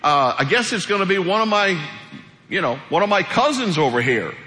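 A preacher acting out Abraham, fretful and folksy. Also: male voice, sits high, sing-song, fairly quick, bright, forceful tone, big-room sound, voice pushed up, heavily acted. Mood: fretful pleading. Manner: plain-spoken, drawling complaint. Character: aged patriarch Abraham, folksy and fretful, questioning God.

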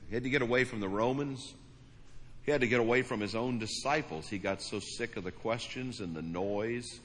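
A man's voice: mid-range voice, brisk, fairly bright tone. A man preaching as a pastor, praying and then speaking earnestly and personally to his congregation, often restarting his phrases. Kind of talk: sermon with prayer and altar call. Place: large church auditorium. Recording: long hall reverb, faint room noise.

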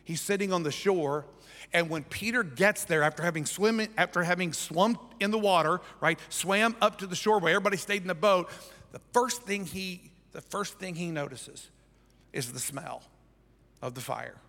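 Guy pastor giving a sermon, chatty, keeps saying right?, kinda higher voice, echoey church. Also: moderate pace, bright, forceful tone. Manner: conversational preaching, keeps asking 'right?'. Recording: church hall with long reverb.

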